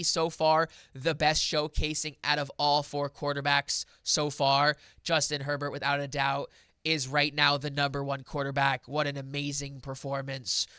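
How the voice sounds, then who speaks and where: A young man talks football like a fan, excitable and rambling, circling back to his own points. His voice is bright and forceful with a smooth, clear tone. It sits a touch high and sounds close and dry. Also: dry recording. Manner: rambling and excitable, many fillers and restarts. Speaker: sports podcast host. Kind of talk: casual football talk.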